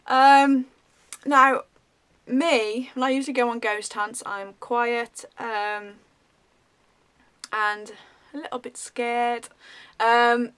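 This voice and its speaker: A woman vlogger telling a story in a rambling, animated way, full of ums. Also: fairly high pitch. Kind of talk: casual storytelling.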